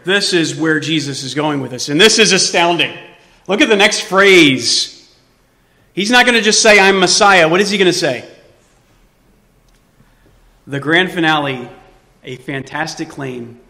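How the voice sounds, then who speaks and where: Bright-voiced preacher in a reverberant hall. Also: male voice, fairly high pitch, a little slow, pauses often. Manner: preaching with rhetorical questions and swings between loud and quiet. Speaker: pastor. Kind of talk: sermon.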